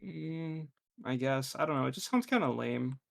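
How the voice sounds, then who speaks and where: Hesitant man with a gravelly voice. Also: medium pitch, lively intonation, moderate pace. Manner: hesitant, rambling, lots of fillers. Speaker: player. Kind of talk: casual game chat.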